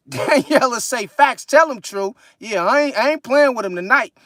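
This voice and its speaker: California guy on a live stream reading chat, swears a lot, animated, bright voice. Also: extremely high pitch, moderate pace, dry recording, studio quality. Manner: loose, profane, animated storytelling with laughs. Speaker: livestream host reading chat.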